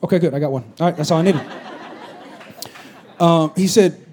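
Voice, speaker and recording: A man preaching a conversational sermon as a pastor to a congregation, swinging from loud exhortation to quiet asides. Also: on the high side, normal speed, long pauses, slight background noise. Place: church stage before a congregation.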